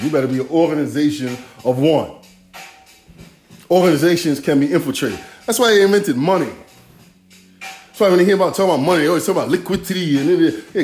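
Animated, rambling podcast host, man. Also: fairly high pitch, roomy sound. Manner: rambling, profane, streetwise. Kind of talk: casual solo monologue.

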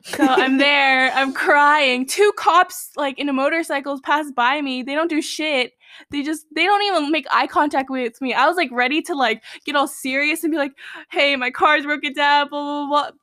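A young woman talks with a friend in a rambling, animated way, her words tumbling out with plenty of fillers. Her voice sits a little high, and the sound is close and dry, with no room around it. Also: moderate pace, no echo. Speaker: storyteller. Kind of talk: casual chat between friends.

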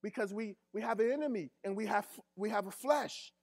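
A pastor with a rather high male voice delivers his sermon with emphatic repetition. He keeps checking in with the congregation, and his phrasing is loose and colloquial. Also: fairly quick, slightly rough. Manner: emphatic, repeats key phrases, call-and-response with the congregation; casual colloquial grammar.

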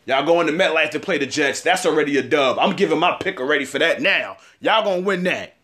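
A man's voice: on the high side, brisk, sharp tone. A man in his thirties giving a casual sports opinion segment, trash-talking rival fans with lots of repetition. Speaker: sports commentator.

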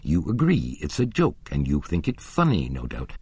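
A man's voice: a bass voice, huge pitch swings, moderate pace, slightly rough, no echo, heavily acted. A man voicing an irritable, domineering male opera manager who barks angry questions. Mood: furious. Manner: barking, angry and forceful.

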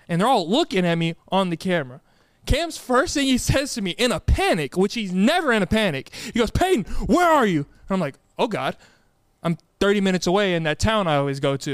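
A young man with a high, smooth voice tells a story in casual chat. He acts out quotes and laughs often. The sound is dry and close. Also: no echo.

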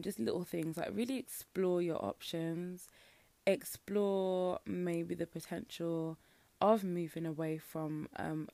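Young Birmingham woman, podcast host, straight-talking rant; lowish gravelly voice, dry close sound. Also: a little mellow, no echo. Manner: frank, opinionated, filler-heavy with lots of "like". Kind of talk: casual solo podcast rant.

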